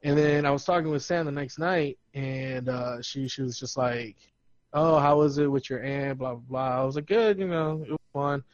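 A man's voice: medium pitch, moderate pace, no room sound. Laughing man, dull dry podcast sound. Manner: laughs often, storytelling with quoted dialogue. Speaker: podcast co-host. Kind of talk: casual chat.

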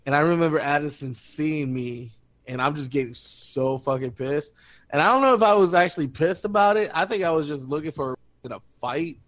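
A man's voice: fairly high pitch, a little fast. A young man on a podcast, telling a party story with lots of swearing, laughter and acted-out quotes. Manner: profane, laughing, animated retelling with quoted voices. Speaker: podcast co-host. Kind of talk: casual storytelling chat. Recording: dull lo-fi podcast audio.

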